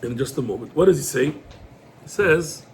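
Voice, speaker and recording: A man, a rabbi, giving a lively Torah class in sprinkled quotes. He acts out the dialogue and fires off rhetorical questions. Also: medium pitch, moderate pace, vocal fry, a little hiss or hum.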